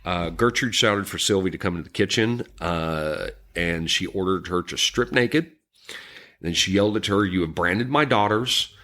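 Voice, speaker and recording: A man with a low voice narrates a true crime case for a podcast. He speaks somberly and haltingly, pausing on ums and restarting his sentences. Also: fairly bright tone. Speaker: podcast co-host. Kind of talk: recounting a true crime story.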